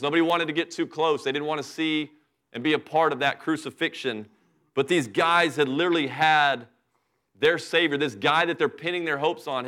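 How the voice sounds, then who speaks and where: A middle-aged man delivers a sermon in a relaxed, conversational way and speaks straight to his congregation. His voice sits a little above the usual male range. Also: fairly high pitch. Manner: conversational preaching, acts out Bible characters in asides. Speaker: pastor.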